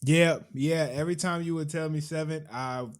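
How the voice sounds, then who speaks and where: A man's voice: on the high side, fairly even intonation, normal speed. A young man co-hosting a podcast, laid-back and slangy, often repeating his lines. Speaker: podcast co-host. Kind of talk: casual chat.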